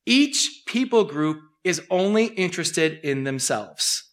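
A man preaching a sermon, animated and acting out scenes. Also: on the high side, takes it slowly, hardly any pauses. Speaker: pastor.

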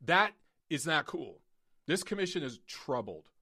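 Male live-stream boxing host, forceful and blunt, voice wearing thin, recorded in a padded home studio. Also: on the high side, very animated, unhurried, slightly rough, no echo. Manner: blunt, emphatic, profane ranting. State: losing his voice.

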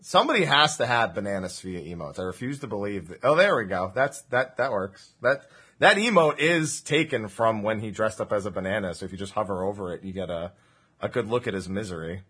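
A man's voice: on the low side, expressive, brisk, fairly bright tone, husky. A man from New Jersey chatting casually on a livestream, explaining slang and laughing often. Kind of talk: casual stream chat.

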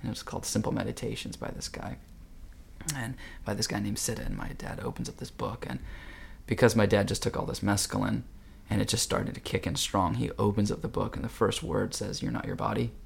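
Gravelly man telling a story. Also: fairly low pitch, fairly quick, a little hiss or hum. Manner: animated, jumps between acted voices. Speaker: podcast host telling a story. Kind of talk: casual storytelling.

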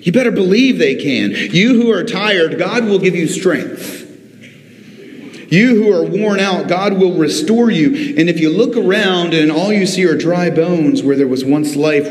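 A man preaching a sermon as pastor, rising and slowing for drama, calling out to the congregation. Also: a little high, slight background noise. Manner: preaching with dramatic rises and drawn-out pauses. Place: church sanctuary. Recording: echoey church hall.

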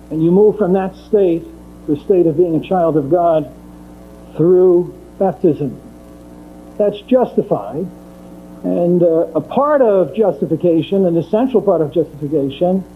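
High-pitched guy teaching theology, repeats stuff, sounds like an old phone recording with hum. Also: phone-quality sound. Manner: methodical, repeats key points for emphasis. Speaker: Catholic lecturer. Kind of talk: theology lecture.

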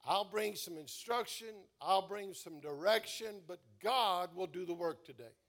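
Male pastor, unhurried sermon delivery, slightly high voice, dynamic swells and hushes. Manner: swells loud on key words then drops soft; slow, drawn-out emphasis.

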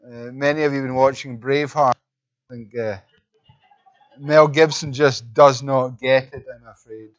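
A man's voice: medium pitch, steady tone, measured pace, dull audio. A man from Scotland with a Scottish accent, preaching an earnest sermon as a visiting minister. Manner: earnest, rising to emphatic preaching.

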